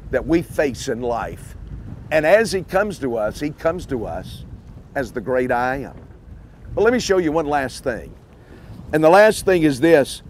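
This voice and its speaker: A man preaching a sermon outdoors by the water, deliberate and emphatic, repeating his key points. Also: fairly high pitch, a little hiss or hum.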